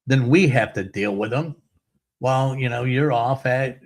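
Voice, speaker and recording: This middle-aged talk show host delivers a casual monologue, ranting bluntly and cursing as he goes. He speaks at a measured pace with a medium-pitched voice.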